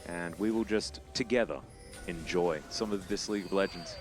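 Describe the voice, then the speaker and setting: A man casting a live esports match on his own, chatting with viewers and jumping up loud and high on big plays. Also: normal speed, music in the background. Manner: chatty, talks straight to chat viewers. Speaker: esports caster. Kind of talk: live play-by-play commentary.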